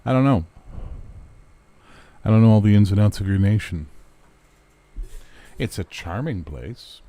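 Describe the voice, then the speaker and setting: A man's voice: fairly low pitch, lively intonation, unhurried, warm tone, no room sound. A man from Canada hosting a casual chat show, rambling sarcastically and swearing freely while he answers viewers. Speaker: talk show host. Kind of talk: casual livestream chat reading viewer comments.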